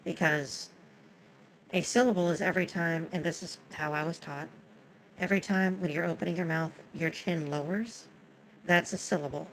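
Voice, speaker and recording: A woman's voice: low-pitched, fairly even intonation, moderate pace, vocal fry, fairly bright tone, a little hiss or hum, poor audio. A woman whose first language is Japanese, giving chatty, swearing commentary on a game and talking to her chat. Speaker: streamer.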